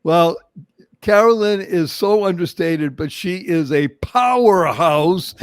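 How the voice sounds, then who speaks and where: An older man from Boston with a Boston accent, hosting a motivational interview show with animated, emphatic storytelling. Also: fairly high pitch, no echo. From Boston, Massachusetts. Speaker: show host.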